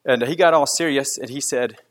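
A man's voice: mid-range voice, fairly quick. A man who leads a concrete crew tells a story in casual, earnest speech full of restarts. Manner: rambling, with frequent restarts.

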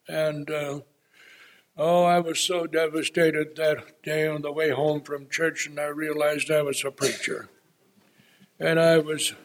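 A man in his eighties preaching an unscripted sermon from the pulpit, folksy and rambling, with frequent pauses and filler words. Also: on the high side.

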